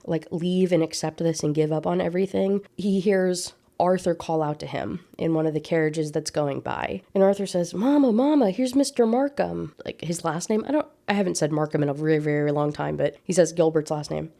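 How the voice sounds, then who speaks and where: Gravelly-voiced woman gushing about a book. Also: fairly even intonation, a little fast, few pauses, mellow. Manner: chatty, gushing, quotes characters in a higher voice. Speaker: book reviewer. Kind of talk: casual book recap with read-aloud passages.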